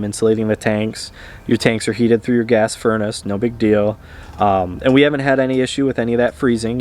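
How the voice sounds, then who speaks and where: A man vlogging in a relaxed, rambling way, with frequent hesitations and fillers. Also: lowish voice. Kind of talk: casual chat to camera.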